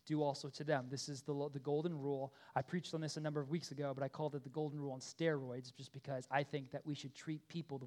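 A man in his thirties preaching a sermon in an earnest, conversational way, often checking in with the congregation and swinging from loud emphatic pleas to quiet asides. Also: a little high. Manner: earnest, conversational with frequent "okay?" and "right?" check-ins. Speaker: pastor.

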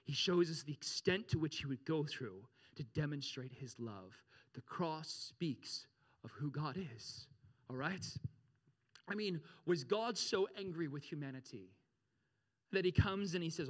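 A man preaching a sermon as pastor, animated, repeating phrases and checking in with his congregation. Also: a little slow. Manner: animated, addresses congregation with frequent check-ins; repeats phrases, rises in pitch and volume for emphasis.

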